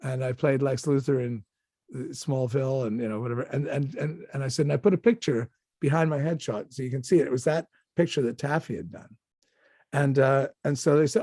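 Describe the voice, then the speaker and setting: An older man tells stories as an interview guest, restarting his sentences and acting out what other people said. His voice sits a little high for a man. The recording is dry and close, with no room sound. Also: brisk, no echo. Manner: animated anecdotes with many restarts and acted-out quotes. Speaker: actor guest. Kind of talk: casual interview storytelling.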